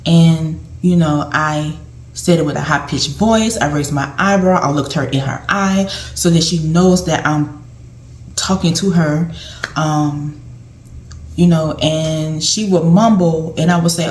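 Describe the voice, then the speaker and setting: A woman's voice: low-pitched, unhurried. A woman speaking to camera about caregiving, in a conversational way that often repeats and restarts phrases. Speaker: caregiver giving advice. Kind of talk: casual advice talk to camera. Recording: echoey room.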